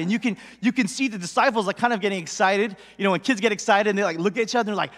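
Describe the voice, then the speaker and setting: A man giving a sermon in an animated, conversational storytelling way, filled with 'like' fillers, in a church hall. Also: high voice, very fast, few pauses. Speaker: preacher. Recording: long hall reverb.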